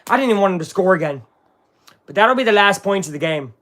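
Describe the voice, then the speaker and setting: A man hosting a casual live watch-along of a football game, excitable and swinging between hype and grumbling. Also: high voice, quick pace. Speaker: live-stream sports watch-along host.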